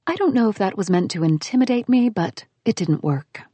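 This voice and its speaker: A woman's voice: medium pitch, animated, warm tone, slightly rough, no echo. Narrator doing a composed, no-nonsense woman at the door, dry close sound, audiobook. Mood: firm. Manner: firm, measured. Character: poised, self-assured woman stranger.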